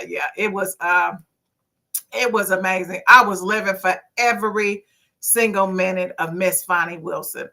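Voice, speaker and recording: A woman, hosting a casual livestream talk show and reading viewer comments in an outspoken, preachy way. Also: mid-range voice. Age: 50s. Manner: outspoken, lively, preachy, swears.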